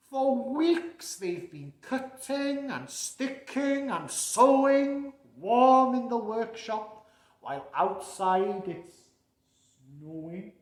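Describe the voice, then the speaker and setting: A man's voice: very high-pitched, lively intonation, very slow, heavily acted. A man playing Santa Claus, reading a storybook aloud to children with chuckles and chatty asides. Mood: jolly. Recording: echoey room.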